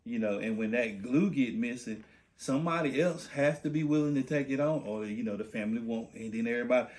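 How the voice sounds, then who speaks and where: A male podcast host talking in a reflective, thoughtful way. His voice is at an ordinary middle pitch for a man. He muses aloud and backs up his guests as he goes. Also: brisk, a little mellow. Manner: reflective, affirming listener, thinks aloud. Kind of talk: conversational podcast talk.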